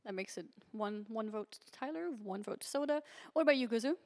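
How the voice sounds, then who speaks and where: A woman moderating a live panel on a convention stage, upbeat and quick to laugh. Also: a little high, lively intonation. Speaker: panel host.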